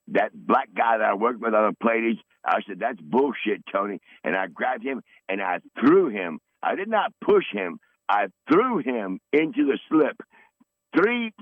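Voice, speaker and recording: A man's voice: medium pitch, no echo. Brief: man, 60s, podcast regular caller; profane, boastful rambler; tinny phone audio. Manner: combative, swearing, boastful. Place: in his van.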